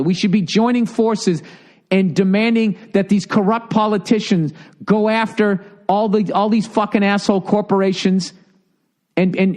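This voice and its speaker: A comedian hosting a podcast, ranting heatedly and sarcastically, with constant swearing. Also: male voice, sits high, a little mellow. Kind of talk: profane comedic rant.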